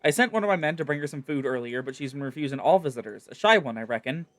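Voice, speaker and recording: A man's voice: medium pitch, lively intonation, fast talker, lightly acted. A man voicing a blunt, weary male camp commander in a game, with dry, grumbling delivery.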